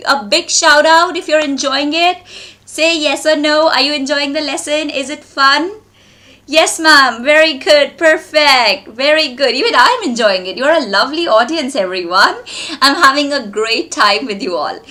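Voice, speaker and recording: Upbeat indian teacher lady, high bright voice, praising kids over a laptop mic. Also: moderate pace. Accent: Indian English. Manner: cheerful, encouraging, praises students often. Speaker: online English teacher. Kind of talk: live online class for children.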